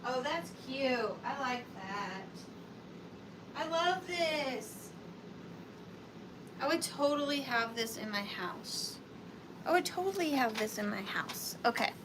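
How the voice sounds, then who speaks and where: Clear background noise runs under this live auction stream, where a high-voiced woman with a Southern US accent chats playfully with buyers at a vintage sale. She keeps a sing-song lilt and an easy, unhurried pace.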